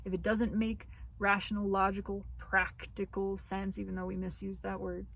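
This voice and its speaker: Lady doing a spiritual tarot reading, slow and repetitive, voice going a bit hoarse, some faint noise behind. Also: medium pitch, monotone, a bit bright, rough recording. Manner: slow, repetitive, reassuring phrasing. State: losing her voice. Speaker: tarot reader.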